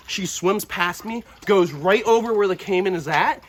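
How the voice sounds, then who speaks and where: A young man hosting a wildlife vlog, telling an excited outdoor story in an animated, breathless way, sometimes shouting at his dog. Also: sits high, brisk, few pauses, background noise. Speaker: wildlife vlogger.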